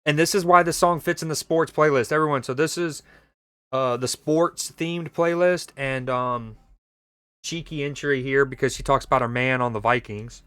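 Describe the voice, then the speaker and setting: A man's voice: mid-range voice, steady tone, moderate pace, bright, forceful tone, smooth, dry recording. A young man streaming a mobile game, chatting casually and joking with his viewers as he plays. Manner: playful, jokey, reads chat aloud. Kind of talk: casual gaming stream chat.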